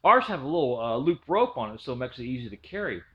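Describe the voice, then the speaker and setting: This Ohio storyteller in his fifties, who hosts a channel, talks fast with big swings in his medium pitch. He wanders casually through a memory from his childhood, folksy and full of restarts, captured on a dull lo-fi recording.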